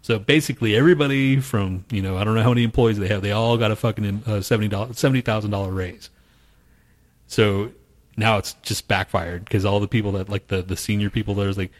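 A man with a lowish voice is co-hosting a casual podcast. He swears constantly and acts out other people's lines as he tells a story. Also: fairly even intonation, quick pace. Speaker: podcast co-host. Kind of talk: casual profane chat.

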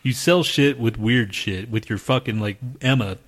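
Swearing man co-hosting a casual podcast. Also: medium pitch. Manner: swears constantly, teasing, quick to laugh. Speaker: podcast co-host. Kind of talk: casual profane banter.

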